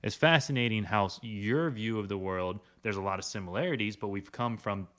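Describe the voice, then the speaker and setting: Reflective low-voiced male host. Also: fairly quick, fairly bright tone. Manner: reflective, thoughtful. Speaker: podcast host. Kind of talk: casual podcast conversation.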